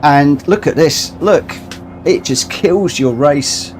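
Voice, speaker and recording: A man's voice: on the high side, slow pace. A man commentating live on his own racing game, scolding himself ruefully after a costly mistake. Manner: exasperated, self-scolding, rueful. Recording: game music playing behind.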